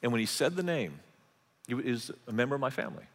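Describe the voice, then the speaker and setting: A man preaching a sermon as pastor, animated and repeating words as he goes. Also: mid-range voice, fast talker, big-room sound.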